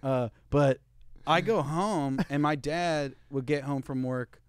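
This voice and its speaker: A man's voice: on the high side, takes it slowly, clear, resonant tone, no echo, studio quality. A young man co-hosting a podcast, telling a long crude story in a rambling, laughing way. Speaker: podcast co-host. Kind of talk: casual chat.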